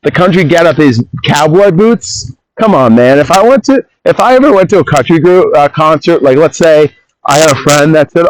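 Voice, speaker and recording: Male solo podcaster, slightly high voice, casual and rambling, slides into opinionated rants, phone recording. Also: expressive, moderate pace, poor audio.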